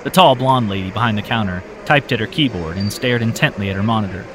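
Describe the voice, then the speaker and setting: A man reading a story aloud as narrator in a steady, measured way. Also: lowish voice, noisy background. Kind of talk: audiobook narration.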